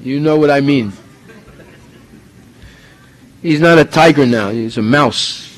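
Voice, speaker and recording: A man's voice: mid-range voice, moderate pace, low-quality recording. A man from the United States preaching a sermon, emphatic and full of rhetorical questions.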